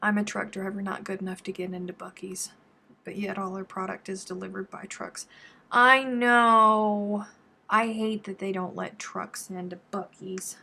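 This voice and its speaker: This is a middle-aged woman from Texas who hosts a live crochet stream. She chats casually and answers viewer comments. Her voice is gravelly and slightly husky. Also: mid-range voice, flat delivery, moderate pace, a bit bright. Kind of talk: casual live-stream chat while crafting.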